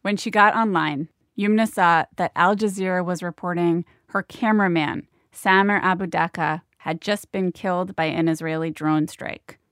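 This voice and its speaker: A woman hosting and narrating a documentary program in a measured, calm way. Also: lowish voice, no room sound, studio quality. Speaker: host and narrator.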